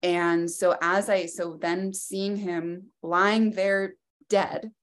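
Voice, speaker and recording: A woman's voice: on the low side, fairly even intonation, extremely slow. A woman guest in an interview, telling a personal story in a reflective way, with loose phrasing and many fillers.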